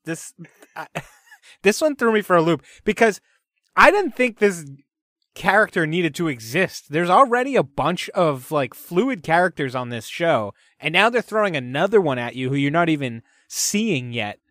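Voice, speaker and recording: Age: adult. Sex: man. Role: podcast co-host. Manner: chatty, laughing, filler-heavy. Pitch: a little high. Sound: dry, close studio mic. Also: very animated, moderate pace, a bit bright, no echo. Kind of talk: casual chat.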